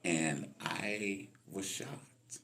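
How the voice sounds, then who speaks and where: Very deep gravelly man in his sixties. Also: drawn-out words. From Los Angeles. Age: 60s. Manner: animated storyteller acting out quoted voices. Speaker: guest musician. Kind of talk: storytelling interview.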